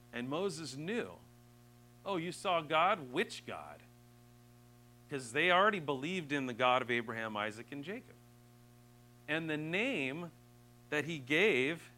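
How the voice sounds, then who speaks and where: A man preaching a sermon, earnest, rising to emphatic peaks and dropping soft and slow. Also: mid-range voice, a little hiss or hum, low-quality recording.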